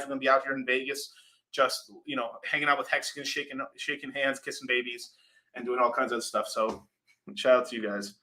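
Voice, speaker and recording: Bright-voiced young man on livestream. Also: medium pitch. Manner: loose, rambling, swears freely, repeats words. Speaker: crypto livestream host. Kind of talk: casual livestream chat reading super chats.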